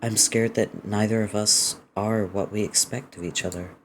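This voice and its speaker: A soft, hesitant young neighbor sniffling through a phone call home, as a man reads the part aloud. The voice stays hushed, with a fairly low pitch and a faint hum of room sound behind it. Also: fairly even intonation, moderate pace, natural voice. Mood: tearful, hushed. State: sniffling after crying. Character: tearful young neighbor phoning their mother.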